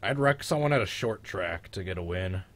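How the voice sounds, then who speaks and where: With a deep, animated voice at a moderate pace, a man hosts a live race reaction with friends. He's congested and sick, his voice cracking, yet he stays chatty and teasing while rambling through old races in casual commentary.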